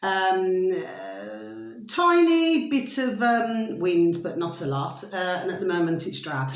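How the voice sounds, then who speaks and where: A woman's voice: on the low side, slow, creaky, roomy sound. A woman, rambling affectionately to her viewers in a sing-song, meandering way, full of pet phrases. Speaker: vlogger. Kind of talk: rambling casual address to camera.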